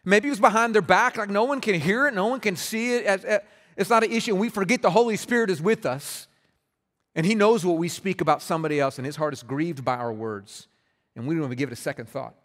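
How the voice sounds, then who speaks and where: A man's voice: high voice, fast talker, fairly bright tone. A man preaching a sermon as pastor, earnest and conversational, often restarting his words. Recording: reverberant hall.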